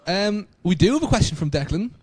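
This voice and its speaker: A man's voice: high voice, very animated, fairly quick, noisy background. A man, co-hosting a podcast and telling rambling, self-mocking stories. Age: 20s. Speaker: podcast co-host. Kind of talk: casual chat.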